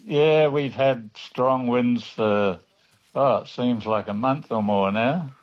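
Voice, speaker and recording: A man calling a radio show, describing the weather in a relaxed way. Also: mid-range voice, takes it slowly, muffled recording. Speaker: caller. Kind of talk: casual phone chat. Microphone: phone.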